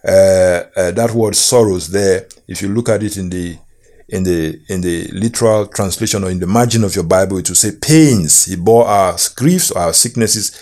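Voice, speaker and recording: A man preaching a sermon, slow and emphatic, reading and quoting scripture with measured repetition. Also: sits low, darkish tone.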